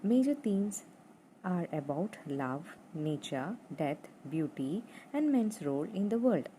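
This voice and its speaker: A young woman teaching a literature lesson, going over points slowly and repeating them with fillers. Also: fairly low pitch, very animated, warm tone, slight background noise, low-quality recording. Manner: slow and repetitive, spelling out points with fillers.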